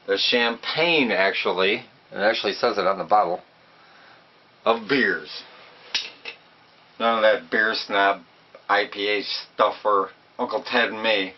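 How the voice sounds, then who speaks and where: A man telling a comedic anecdote in a deadpan storytelling way. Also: lowish voice, moderate pace. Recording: distant, dull lo-fi audio.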